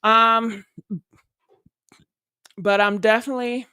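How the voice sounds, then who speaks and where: A woman's voice: on the high side, steady tone, takes it slowly, bright, forceful tone, clean tone, dry recording, clean studio sound. A young woman streamer chatting casually and loosely to her viewers, rambling with fillers and laughter. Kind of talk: casual live-stream chat.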